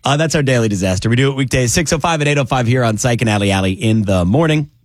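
A man's voice: mid-range voice, no echo, clean studio sound. A man hosting a morning radio show, teasing and joking with callers and his co-host. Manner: teasing, quick and animated.

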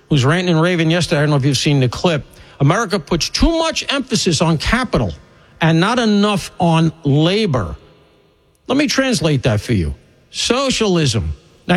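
A middle-aged man hosting a talk radio show, delivering an opinionated monologue in a conversational way that wanders off on tangents as he thinks aloud. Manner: animated and conversational, swinging pitch widely for emphasis. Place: broadcast studio.

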